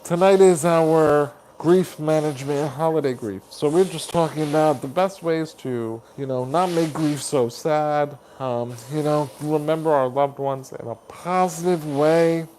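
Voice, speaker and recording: A man hosting a live stream chat. He reads viewer comments aloud, greets people warmly by name as buddy and honey, and laughs often. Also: on the high side, a little slow, few pauses, slight background noise. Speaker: livestream host.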